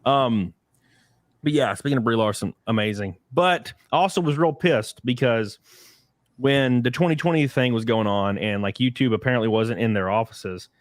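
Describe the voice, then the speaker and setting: A man hosting a podcast, chatting casually in an animated, crude, joking way. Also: mid-range voice, moderate pace, no room sound, clean studio sound. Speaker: podcast host.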